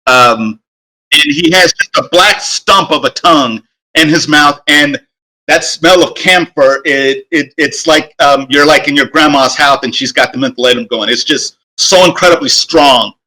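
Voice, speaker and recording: A man's voice: a little high, moderate pace, bright, forceful tone. A man narrating as game master in a tabletop game, talking with many fillers and restarts.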